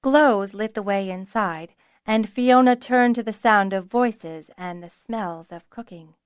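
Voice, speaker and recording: Woman audiobook narrator, measured, mid-pitched, dry close sound. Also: smooth, no echo. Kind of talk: scripted narration.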